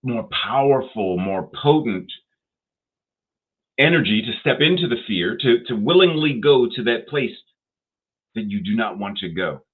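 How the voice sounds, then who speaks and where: A man giving a sermon, deliberate and repetitive, asking rhetorical questions. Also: medium pitch, lively intonation, slightly rough. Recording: tinny phone-like sound.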